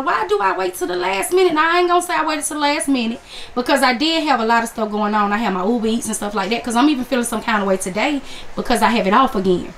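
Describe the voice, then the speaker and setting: A woman's voice: sits high, a bit bright, a little hiss or hum. A woman talking casually to viewers about her craft haul, calling them honey and y'all. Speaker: crafts vlogger. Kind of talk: casual chat to camera.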